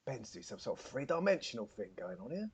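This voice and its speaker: A man's voice: medium pitch, very animated, fast talker, slight background noise. Man putting on a chatty Cockney accent. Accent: put-on Cockney. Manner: chatty, laughing, slang-heavy. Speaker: game facilitator. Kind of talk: tabletop game play in a put-on Cockney voice.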